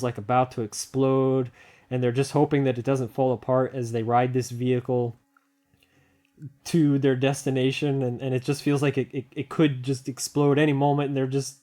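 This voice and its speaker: Man, mid-pitched, casual walkthrough, rambling, excitable, frequent laughs. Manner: thinks aloud, rambling with filler words and restarts. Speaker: hobbyist video maker. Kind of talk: casual hands-on tech walkthrough.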